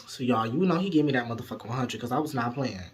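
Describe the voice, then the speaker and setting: A man telling a story to viewers in a casual, profane, animated way, speaking straight to the audience. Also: medium pitch, rapid-fire.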